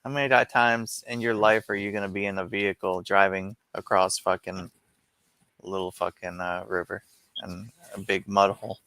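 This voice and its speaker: A man's voice: low voice, level tone, normal speed, pushed and bright, dry recording. A young man in casual chat, telling long profane stories in a rambling way.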